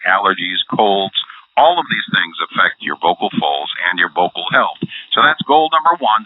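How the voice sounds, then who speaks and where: A man's voice: low voice, no room sound. A man working as a voice coach, explaining vocal care and breathing in an interview. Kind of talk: instructional interview. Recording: phone-like dry line.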